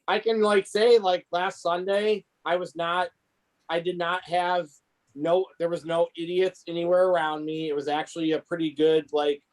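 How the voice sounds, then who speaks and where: A man's voice: fairly high pitch, little pitch movement, moderate pace, low-quality recording. A man co-hosting a podcast, telling rambling stories in casual chat with many restarts. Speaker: podcast co-host.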